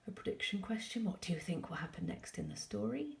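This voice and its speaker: A woman teacher reading a novel aloud to pupils, calm and measured, with soft asides. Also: medium pitch, creaky.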